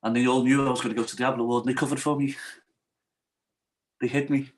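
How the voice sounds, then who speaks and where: A man's voice: medium pitch, flat delivery, quick pace. A middle-aged man from Wales, a podcast guest telling his personal story in an earnest, confessional way. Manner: earnest, confessional, leans on "yeah" and "I said".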